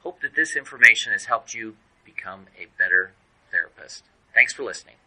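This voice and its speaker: A man's voice: lowish voice, lively intonation, fairly quick, sharp tone, low-quality recording. A man hosting a podcast interview, chatty, with frequent brief affirmations and a sign-off. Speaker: podcast host.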